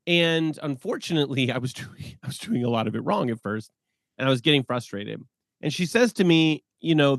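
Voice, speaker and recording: A man in his forties, a podcast guest telling stories in an animated way and laughing often. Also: fairly high pitch, a little fast, no echo, clean studio sound. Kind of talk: casual podcast conversation.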